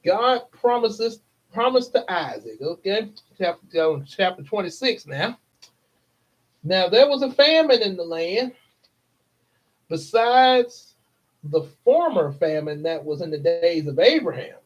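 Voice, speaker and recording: A man's voice: high voice, lively intonation, a little slow. A man reading the Bible aloud and adding chatty, playful commentary between the verses. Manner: chatty, playful asides, chuckles. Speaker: Bible reader for a church channel. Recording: dull lo-fi recording.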